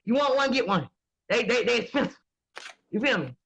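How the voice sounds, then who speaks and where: A woman, talking in blunt, profane and animated casual chat as host. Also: fairly high pitch, a little fast, creaky, slightly rough, low-quality recording. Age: 20s.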